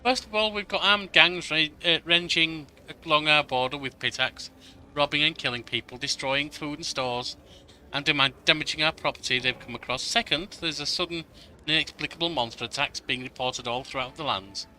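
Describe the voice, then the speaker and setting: A man's voice: on the high side, normal speed, pushed and bright, rough recording. A man voicing an earnest young woman advisor who brings urgent news, read aloud from a game. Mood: alarmed. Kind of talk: reading game dialogue aloud.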